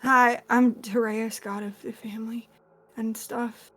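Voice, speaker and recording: A woman's voice: on the high side, normal speed, a bit bright. A woman voicing a nervous male god who stammers and hedges meekly. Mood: sheepish. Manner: hesitant, stammering, meek.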